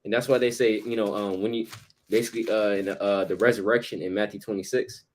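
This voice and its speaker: A man's voice: fairly low pitch, steady tone, fast talker, a little hiss or hum. A man co-hosting a casual Bible study discussion who talks loosely in slang and laughs often.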